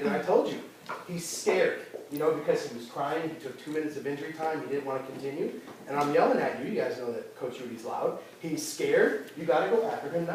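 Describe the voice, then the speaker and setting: A fairly high-voiced man coaching a youth wrestling team, recounting matches with lots of energy and restarts. He is heard from a distance in a very echoey hall, with a crowd murmuring behind him. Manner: animated storytelling, many fillers and restarts. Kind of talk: end-of-season speech to a team. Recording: roomy hall, voice from far off, crowd noise.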